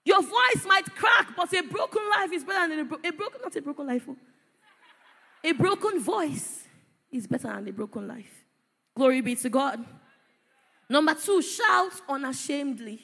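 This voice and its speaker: Woman preacher, bright tense voice, energetic shouted sermon in a church hall. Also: high voice, moderate pace, gravelly, long pauses.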